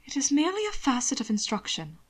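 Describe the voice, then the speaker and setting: A woman's voice: high-pitched, huge pitch swings, fast, pitched above the performer's own voice, heavily acted. A woman reading as a drowsy, teasing young man. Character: drowsy, playful young male lover.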